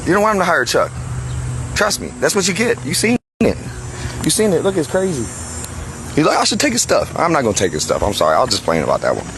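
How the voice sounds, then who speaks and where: A man's voice: medium pitch, very animated, fast, background noise. A man talking outdoors on a roof as a roofing contractor, blunt and heated, cursing freely in a casual vlog. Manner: blunt, heated, swears a lot. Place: outdoors on and near a house roof.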